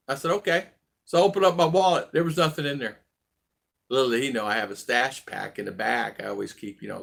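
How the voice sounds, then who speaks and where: A man's voice: on the high side, creaky, a bit bright. A man in his sixties casually telling a personal story on his vlog, rambling and restarting his sentences. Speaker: vlog host.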